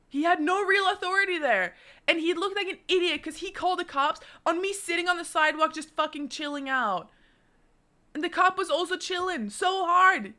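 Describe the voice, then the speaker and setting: A young woman from Norway tells a story on a live stream in a high, bright voice. She is animated and profane, cursing freely as she goes. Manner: animated, profane, swearing often.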